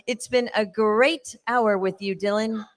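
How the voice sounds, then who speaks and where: A woman's voice: mid-range voice, steady tone, measured pace. A woman hosting a live talk show from a bar, running through names and thanks in an upbeat way. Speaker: show host.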